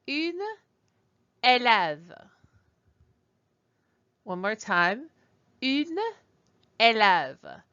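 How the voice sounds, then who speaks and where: A woman teaching a beginner French lesson, speaking slowly and deliberately and repeating words for learners. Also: mid-range voice, pushed and bright, smooth, no echo, dull audio.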